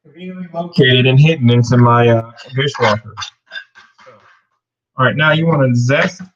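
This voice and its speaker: A man hosting a home cooking video, talking viewers through each step in a relaxed, rambling way with playful wordplay. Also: medium pitch, dull audio. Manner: chatty, rambling, plays with words. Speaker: cooking show host. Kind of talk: casual cooking demonstration.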